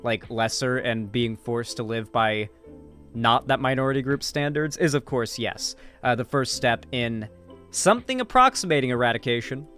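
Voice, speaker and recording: A man's voice: mid-range voice, lively intonation, normal speed, fairly bright tone, soft background music. A man giving casual, profane political commentary on a livestream, loose and full of fillers.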